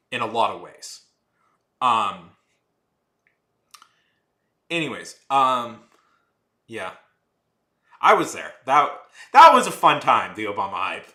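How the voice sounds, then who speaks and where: Rambling man with a very bright voice. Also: medium pitch. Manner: rambling, heavy use of "like", restarts and trails off; heated, ranting. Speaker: streamer. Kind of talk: casual rambling chat while drawing. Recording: echoey room.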